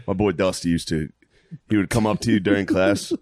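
Lower-voiced young man telling crude stories. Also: fairly even intonation, fairly quick, a little mellow. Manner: crude, laughing, acts out quotes. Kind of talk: casual storytelling chat.

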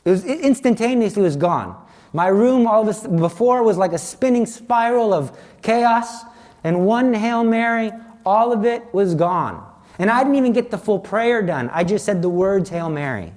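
A man's voice: high voice, lively intonation, normal speed, a little mellow. A man giving a personal faith testimony as a Catholic speaker, telling his story in an earnest, dramatic way.

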